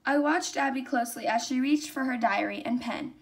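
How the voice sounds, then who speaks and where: Teen girl reading a children's chapter book aloud, high and even. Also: fairly quick, husky. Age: teens. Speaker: student reader.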